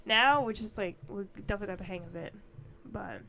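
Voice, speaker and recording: A young woman co-hosting a casual podcast, telling stories in an animated way and acting out what people said. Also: mid-range voice, fast, vocal fry, crowd noise. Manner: animated storytelling, acts out quotes. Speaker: podcast co-host. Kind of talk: casual chat.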